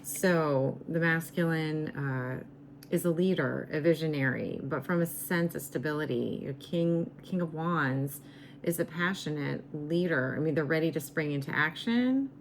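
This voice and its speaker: A woman reading tarot cards in a slow, musing way, her voice going raspy as she loses it. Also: sits low, a little hiss or hum. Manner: slow, musing, repeats herself. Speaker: tarot reader.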